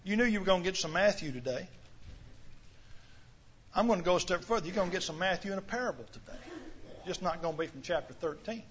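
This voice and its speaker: A man's voice: high-pitched, animated, fast talker, pauses often, a bit bright, highs cut off, a little hiss or hum. A man preaching a sermon in an earnest, questioning way, often repeating words as he starts a sentence.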